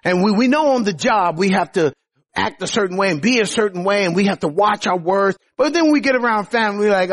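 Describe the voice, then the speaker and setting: A man preaching a sermon, teaching through scripture verses, often opening phrases with "oh" and climbing to emphatic highs. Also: fairly quick. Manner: lively preaching, rising to emphatic highs, many "oh" openers.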